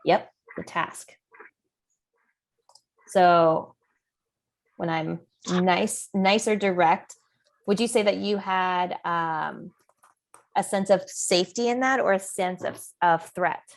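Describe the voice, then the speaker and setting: A woman's voice: lowish voice, takes it slowly, vocal fry, pauses often. Woman coach leading a discussion. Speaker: parent coach and host. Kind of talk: coaching discussion with role-play.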